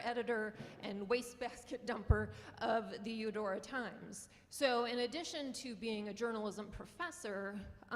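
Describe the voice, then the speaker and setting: A woman's voice: a little high, long reverb tail. A woman with a North Dakota accent speaks earnestly and with passion as a journalism professor giving a conference talk. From Western North Dakota. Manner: earnest and impassioned, with small laughs. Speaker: journalism professor and newspaper publisher. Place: lecture hall.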